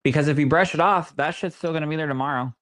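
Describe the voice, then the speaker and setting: A man's voice: a little high, fast talker. A man co-hosting a podcast, chatting casually and reading listener messages aloud, affectionate and sassy. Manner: warm, affectionate, sassy asides. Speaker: podcast co-host and psychic medium.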